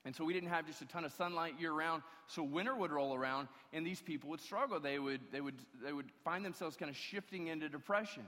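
Male pastor preaching, high-pitched and emphatic, captured in a church hall with long reverb. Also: fast talker, hardly any pauses, bright, forceful tone. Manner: emphatic preaching with repeated restarts. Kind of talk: sermon.

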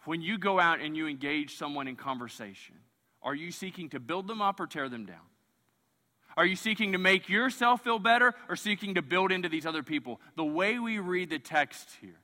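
A man preaching a sermon as pastor, animated, surging loud and then dropping quiet. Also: sits high. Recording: long church hall reverb.

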